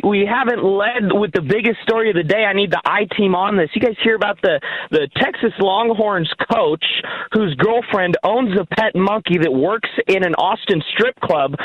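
A male caller phones in to a sports radio show with a fairly high voice. He stumbles and repeats words while telling his bit with amusement. The line sounds dull and dry. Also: no echo. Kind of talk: call-in chat.

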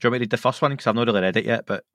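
A man's voice: medium pitch, very fast, a bit bright, no echo, clean studio sound. A Scottish man guesting on a podcast, reading a story aloud in casual chat and breaking off for amused asides. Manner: reads with amused asides, chuckling and chatty.

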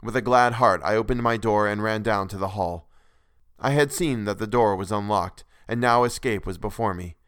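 Low, clear-voiced male storyteller. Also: moderate pace, a bit bright, no echo, clean studio sound. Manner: earnest, dramatic first-person narration. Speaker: narrator. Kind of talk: dramatic reading of a classic novel.

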